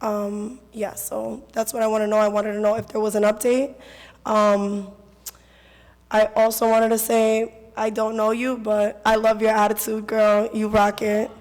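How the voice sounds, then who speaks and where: A hoarse woman who has lost her voice, earnestly reading statistics as a public commenter at a council meeting. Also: medium pitch, completely flat delivery, a little slow, a little mellow. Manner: earnest, reads statistics, repeats her concerns. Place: council chamber. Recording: reverberant council chamber.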